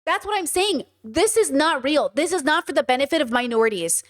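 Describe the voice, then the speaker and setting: A young woman streams her reactions, talking bluntly and with open exasperation. Her voice sits high, and she swears freely as she reacts. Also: expressive, a little fast. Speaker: commentary streamer. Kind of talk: reaction commentary to protest footage.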